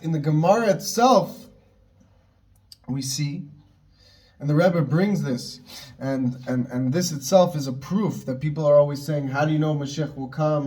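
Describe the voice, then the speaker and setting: Male Torah teacher, slightly high voice, earnest and fervent, frequent restarts. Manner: earnest, rising excitement with many restarts. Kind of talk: spoken Torah lesson.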